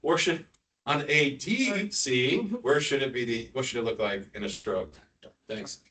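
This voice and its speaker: Expressive and a little slow, a man with a mid-range voice that sounds pushed and bright jokes his way through a neurosurgery lecture to nurses. He quizzes them and makes asides in a hospital lecture room, with a distant mic catching the audience's murmur.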